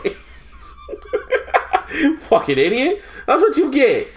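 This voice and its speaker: A man hosting a podcast in casual chat, animated, laughing often and swearing freely. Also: extremely high pitch, unhurried. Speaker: podcast host.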